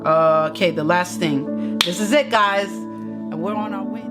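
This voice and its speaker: A woman's voice: lowish voice, measured pace. A woman in her thirties giving an earnest motivational talk to her viewers, repeating phrases like affirmations. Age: 30s. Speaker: motivational vlogger. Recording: music playing behind the voice.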